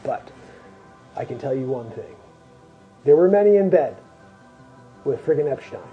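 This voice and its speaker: A man's voice: medium pitch, expressive, moderate pace, highs cut off, soft background music. A man hosting a comedy news show, reading headlines and riffing brashly, peppering his lines with mild swears. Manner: brash, jokey, peppers speech with 'freaking' and 'friggin''.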